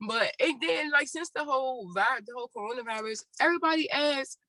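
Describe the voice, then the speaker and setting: A podcast co-host telling stories in casual, profane chat, with a sore throat after surgery. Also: female voice, sits high, fairly quick, dry recording, rough recording. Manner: profane, animated storytelling.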